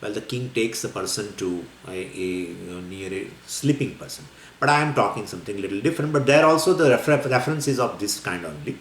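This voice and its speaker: A man giving a scripture lecture as a spiritual teacher, explaining in a lively, wandering way with many fillers and small laughs. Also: lowish voice, fairly quick. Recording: echoey room with faint ambience.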